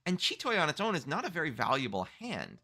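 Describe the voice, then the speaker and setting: A man's voice: a little high, wildly swooping pitch, quick pace, pushed and bright. A man co-hosting a mahjong stream, thinking aloud through plays in casual commentary.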